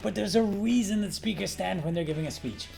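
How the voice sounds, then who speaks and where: A middle-aged man coaching on presentations in a brash, animated vlog style, swearing freely for emphasis. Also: high-pitched, fairly quick, creaky. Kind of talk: energetic talking-head vlog. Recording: faint guitar music underneath.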